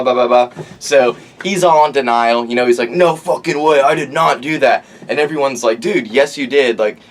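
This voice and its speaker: A young man talks through a story outdoors in an animated, meandering way. He keeps dropping "like" and curse words and acts out what others said. His voice sits at an ordinary middle pitch. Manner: rambling, profane, animated, lots of "like". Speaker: podcast host. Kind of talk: casual storytelling monologue.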